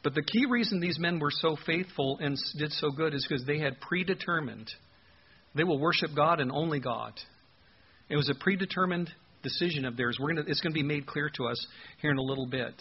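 A man's voice: a little high, brisk, breathy edge, dull audio. A man preaching an expository sermon, earnest and emphatic, asking his listeners rhetorical questions. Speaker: pastor.

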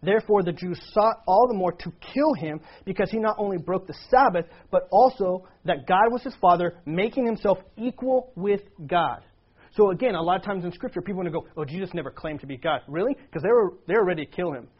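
Earnest, husky-voiced male preacher. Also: sits high, fairly quick. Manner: earnest, acts out quoted lines with a raised voice. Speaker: pastor. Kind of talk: sermon. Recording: dull lo-fi sound.

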